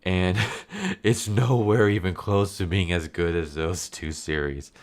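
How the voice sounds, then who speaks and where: A man's voice: sits low, a little slow. A man giving a blunt, profane, casual review of a comic book, getting heated as he talks.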